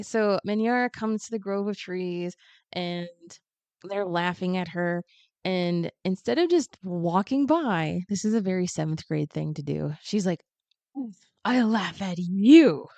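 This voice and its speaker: A woman retelling a children's picture book in a relaxed podcast chat, lively and expressive as she slips into the characters' lines. Her voice is mid-pitched and expressive. The sound is dry and a little dull, like a simple home setup. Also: clean tone, dry recording. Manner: animated, acts out characters' lines in quick asides. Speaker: guest.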